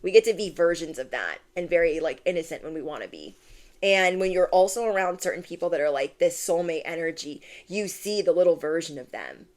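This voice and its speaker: A woman's voice: fairly low pitch, expressive, brisk, darkish tone. A young adult woman giving a casual tarot reading to her viewers, gushing and chatty, full of "like" and "oh my gosh". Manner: bubbly, gushing, many "like"s and "oh my gosh". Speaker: tarot reader.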